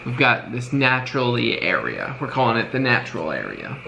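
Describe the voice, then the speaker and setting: A young man talks casually beside his co-host, his voice mid-pitched and easy. He rambles a little as he explains things. Faint background noise sits under the recording. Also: fairly quick, vocal fry. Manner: relaxed, rambling. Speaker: vlogger, co-host. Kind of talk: casual vlog chat.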